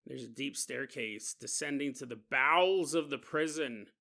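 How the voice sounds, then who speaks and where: A man hosting a podcast, telling a story in an animated, jokey way. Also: medium pitch, normal speed, creaky. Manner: animated and jokey, often laughing. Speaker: podcast host. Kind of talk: comedic storytelling.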